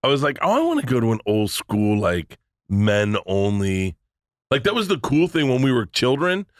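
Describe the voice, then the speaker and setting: A man's voice: mid-range voice, normal speed, no room sound, studio quality. A middle-aged man, a podcast guest, telling stories in casual chat, acting out the voices of people he quotes and swearing freely. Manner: animated storyteller who acts out quoted voices, swears freely.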